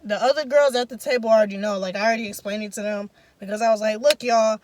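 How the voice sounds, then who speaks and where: A woman's voice: medium pitch, steady tone, very fast, darkish tone, a little hiss or hum. Profane, emphatic young woman telling a story. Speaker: vlogger. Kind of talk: casual storytime.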